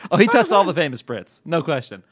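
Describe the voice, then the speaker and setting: A man's voice: a little high, very animated, slightly rough, no room sound. A man co-hosting a casual podcast, bantering and teasing with jokey asides. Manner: joking, teasing, quick asides. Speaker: podcast co-host.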